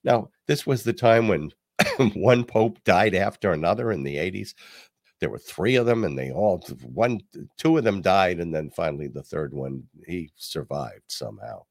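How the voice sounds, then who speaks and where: An older man hosting a talk podcast, telling stories and reading quotes in a casual, animated way. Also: deep voice, creaky, dry recording, studio quality. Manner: animated, reads quotes aloud, pauses with ums. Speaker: podcast host. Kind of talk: casual commentary and storytelling.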